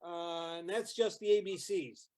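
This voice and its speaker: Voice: medium pitch, steady tone, unhurried, a little mellow, lightly acted. A performer playing a man who brags about his sins in a live improv scene, with a repetitive, folksy delivery. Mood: boastful. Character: boastful male sinner proud of his misdeeds.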